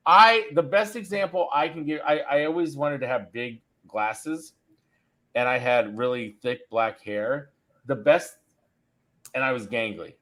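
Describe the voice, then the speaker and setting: Measured and mid-pitched with a fairly bright tone, a middle-aged man hosting a podcast spins a lengthy tale over casual conversation. The story wanders, and he cuts himself off repeatedly.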